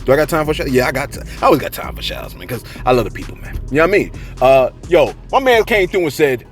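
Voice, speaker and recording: A man's voice: mid-range voice, big pitch swings, quick pace, soft background music. A man hosting celebrity gossip commentary in a casual, joking way with slangy asides.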